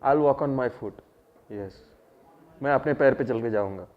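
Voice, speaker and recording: Speaking very fast in a mid-range voice, a man with an Indian English accent runs an English class and explains words in Hindi. He asks the class questions and repeats key phrases, in a dull lo-fi classroom recording.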